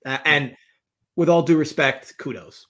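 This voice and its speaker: A man's voice: fairly high pitch, unhurried, a bit bright. Laid-back man with short replies. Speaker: betting show host. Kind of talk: casual chat.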